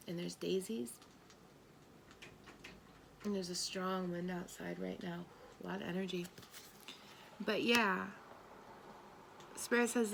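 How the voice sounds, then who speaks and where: A tarot reader with a creaky, medium-pitched voice gives a tarot and spirit reading for an audience. She speaks bluntly and emphatically, swearing now and then, over slight background noise.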